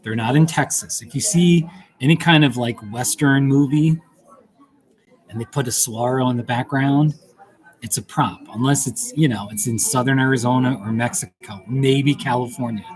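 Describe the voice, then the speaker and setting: A man's voice: mid-range voice, moderate pace. A man hosting a casual livestream from a busy coffee shop, chatty and playful as he reads questions aloud. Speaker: livestream host. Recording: noisy coffee shop crowd. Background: loud crowd chatter.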